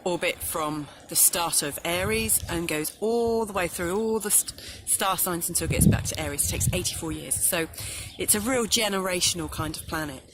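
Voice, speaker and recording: A woman with a somewhat low voice hosts a relaxed astrology talk, recorded outside in nature with faint ambient sound behind her. She speaks in a chatty, apologetic way and often pauses on "um" while she gathers her thoughts. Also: background noise. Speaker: astrologer host. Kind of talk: casual solo talk. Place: outdoors in nature.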